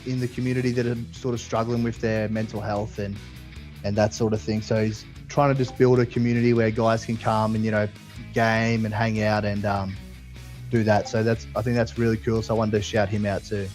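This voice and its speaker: A man's voice: on the low side, level tone, brisk, a little mellow, faint music behind. A man, a sim racing champion, talking in an easygoing, hesitant way with many fillers. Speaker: guest champion.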